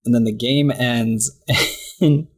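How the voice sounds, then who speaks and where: Man, podcast co-host, easygoing recap chat, pops into silly high voices. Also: fairly even intonation, takes it slowly. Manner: chatty, acts out lines in high voices, laughs often. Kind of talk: casual chat recapping a cartoon.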